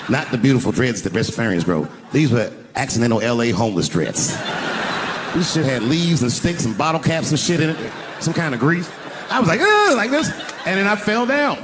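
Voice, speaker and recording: A man's voice: medium pitch, animated, brisk. An older man telling a profane stand-up story on an arena stage, acting out the voices of the people in it. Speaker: stand-up comedian. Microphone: handheld stage mic. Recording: live arena recording with crowd noise. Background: audience laughter.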